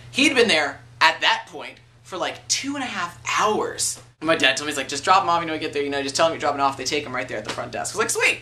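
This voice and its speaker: A man's voice: fairly high pitch, pushed and bright, recorded from a distance, a little hiss or hum. A man of twenty-one, telling a story in a casual vlog rant, swearing freely and acting out the people he quotes. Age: 20s. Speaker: video blogger.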